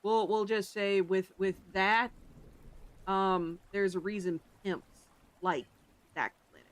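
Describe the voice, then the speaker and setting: A livestreamer chatting casually with the stream chat, rambling and breaking into sudden loud exclamations. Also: mid-range voice, fairly even intonation, slow.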